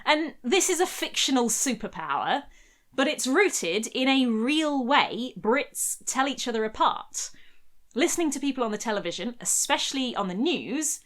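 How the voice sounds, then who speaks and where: A woman's voice: sits high, expressive, normal speed, fairly bright tone. A young woman narrating a scripted history video essay in a wry, conversational way.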